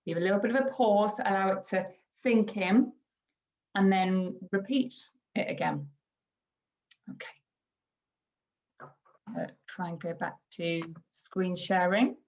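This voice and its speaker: A woman educator giving a calm, explanatory online training talk over a video call. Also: mid-range voice, muffled recording. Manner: calm explaining, slips into slow exaggerated child-directed examples.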